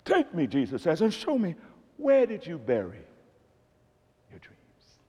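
A middle-aged man preaching a sermon in a large church hall, swinging between shouts and near-whispers. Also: medium pitch, creaky. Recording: long hall reverb.

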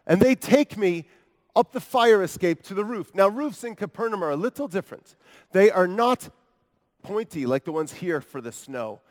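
A man's voice: sits high, lively intonation, moderate pace. A man preaching a first-person dramatic monologue as a paralyzed grown man from Capernaum, earnest and wry, telling his story with asides to the congregation. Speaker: preacher in character. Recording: long hall reverb.

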